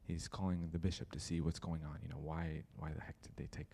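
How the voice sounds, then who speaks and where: A man's voice: extremely low pitch, a little fast, gravelly. A young man telling a story in a church talk, acting out the people he quotes. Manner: lively storyteller who acts out the people in the story. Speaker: church speaker.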